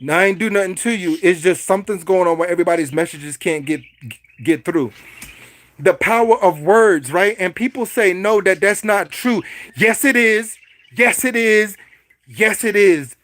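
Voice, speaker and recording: A man's voice: sits high, normal speed, a bit bright. A man hosting a casual livestream, speaking in a preachy, repetitive way and addressing his viewers directly. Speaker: livestream host. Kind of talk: casual livestream talk to chat.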